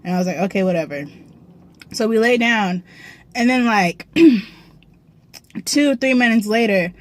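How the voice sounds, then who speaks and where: A young woman vlogger telling a story in a casual, profane, slangy way, often clearing her throat, from a parked car. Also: on the high side, animated, a little slow.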